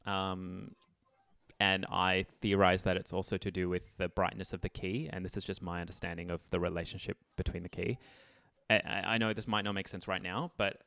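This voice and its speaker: A man with a very low, gravelly voice teaches a music theory drop-in class. He talks in a chatty way and speaks lyrics aloud to show the rhythm. The sound is dry and close. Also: fairly even intonation, a little fast, a bit bright, no room sound. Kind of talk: online group lesson.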